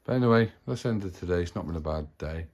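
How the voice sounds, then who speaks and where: A man's voice: low voice, animated, very fast, a little mellow, highs cut off. A man hosting a family vlog, talking in a rambling, matter-of-fact way. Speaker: vlog host, parent. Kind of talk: casual chat to camera.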